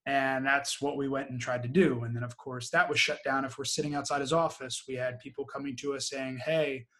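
A man's voice: medium pitch, steady tone, brisk, a bit bright. A man, a guest and former Marine, speaking frankly in a casual interview and quoting people as he tells his story. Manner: frank, plain-spoken, quotes others in his story.

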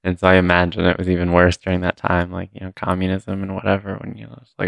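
A low-voiced man with a gravelly edge and a bright, clear tone co-hosts a casual movie podcast. He rambles and thinks out loud, with plenty of filler words. The sound is dry and close. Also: monotone, quick pace, hardly any pauses, no room sound. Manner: rambling, thinks aloud with many "like"s. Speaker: podcast co-host. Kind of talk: casual movie recap chat.

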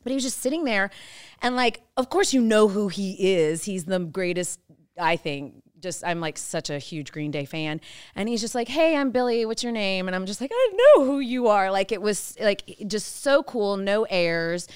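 A woman's voice: mid-range voice, normal speed, smooth. A woman telling stories in a casual chat, full of "like" fillers. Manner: chatty storyteller, lots of "like" fillers.

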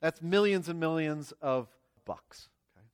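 Pastor guy preaching, kinda high voice, chatty, lots of okay? right?. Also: measured pace, clean tone. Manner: conversational, tags lines with "okay?" and "right?"; reads scripture with swelling emphasis. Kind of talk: sermon. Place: church sanctuary before a congregation.

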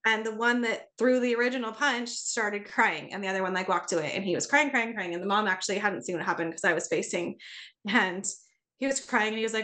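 A middle-aged woman, a parenting coach, chatting on a podcast and telling stories with lively acted-out dialogue. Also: medium pitch, fast. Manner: animated storyteller, acts out dialogue. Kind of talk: casual podcast conversation.

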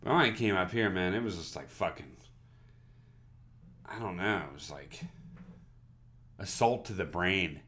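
A man's voice: low voice, animated, unhurried, long pauses, pushed and bright, slight background noise. A man from the Southern United States co-hosting a podcast, talking in a casual, rambling way and swearing freely. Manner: laid-back, swears a lot, trails off and restarts. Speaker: podcast co-host. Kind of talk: casual chat.

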